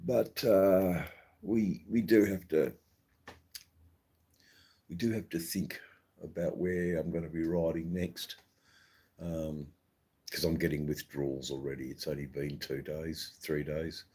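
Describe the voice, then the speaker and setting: Slow, deep-voiced Australian man chatting. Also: breathy edge. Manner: rambling, relaxed, many ums and restarts. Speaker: livestream host. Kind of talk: casual live-stream chat, reading viewer comments.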